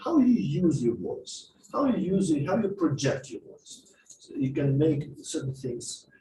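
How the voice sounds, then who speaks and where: This man's fairly high voice carries unhurriedly through a reverberant classroom or lecture hall, captured far from the mic with background noise. In a lively masterclass lecture on speaking skills, he explains concepts and acts out examples.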